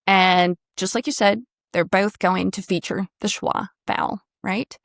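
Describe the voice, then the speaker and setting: A woman coaching pronunciation on a video call, demonstrating sounds and drifting into vocal fry at phrase ends. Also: medium pitch, fairly even intonation, a little slow, fairly bright tone, dry recording, clean studio sound. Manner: encouraging, demonstrative, drills sounds. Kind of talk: online one-on-one pronunciation lesson.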